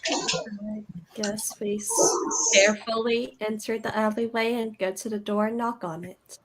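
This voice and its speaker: A woman playing a tabletop game, speaking in a quiet, measured way. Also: mid-range voice, level tone. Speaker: player. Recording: faint background noise.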